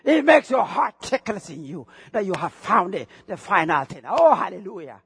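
A middle-aged man from Africa with an African accent, preaching a sermon as pastor, excitable and bursting into shouts, often repeating phrases. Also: high-pitched, normal speed, creaky, husky, no room sound, clean studio sound.

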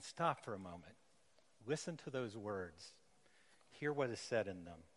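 A man preaching a sermon as pastor, earnest and emphatic, slowing down to stress key phrases. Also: medium pitch. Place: church sanctuary. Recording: long church reverb.

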